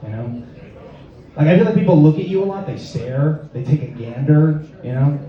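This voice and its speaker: A young man doing stand-up in a deadpan, halting way, stumbling over filler words between jokes. His voice sits a little high for a man. It is captured from a distance in a very echoey space with a dull, muffled sound. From Lexington, Massachusetts. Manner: rambling, hesitant delivery full of "uh" and "you know"; deadpan, awkward self-aware asides. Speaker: stand-up comedian. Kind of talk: stand-up set.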